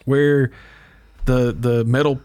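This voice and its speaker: A man's voice: medium pitch, slow pace. A man hosting a podcast, telling a story in casual chat and chuckling as he talks. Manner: animated storyteller, chuckles while talking. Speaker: podcast host.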